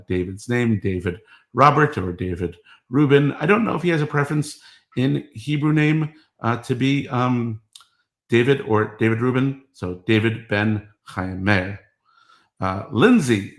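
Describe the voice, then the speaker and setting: A middle-aged man with a lowish voice rambles through a personal monologue, halting often with fillers and restarts. The room around him is echoey. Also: fairly bright tone. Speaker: father recording family history.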